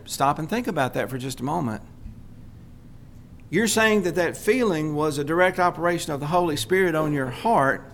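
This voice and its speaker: A man preaching a sermon, speaking deliberately and repeating key phrases for emphasis. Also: fairly high pitch, fairly bright tone.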